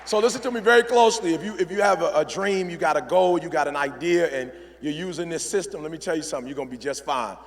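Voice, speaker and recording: A middle-aged man drives home his motivational speech in a punchy, preacherly way, checking in with the crowd. His voice sits high and rough with a gravelly fry. It is heard through a stage microphone with the long reverb of a big event hall. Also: quick pace, hardly any pauses. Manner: preacherly, punchy call-and-response. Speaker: motivational speaker.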